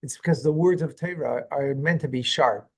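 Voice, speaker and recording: With a creaky, breathy voice of medium pitch and moderate pace, a rabbi leads a Torah lesson. He recites verses, translates them, and tests a student with questions before explaining.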